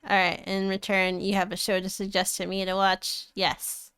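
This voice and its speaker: Woman podcast co-host, smooth clean tone, dry sound, casual and profane. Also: medium pitch, completely flat delivery, moderate pace, fairly bright tone, no room sound. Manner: laid-back, swears freely, laughs often. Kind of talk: casual chat.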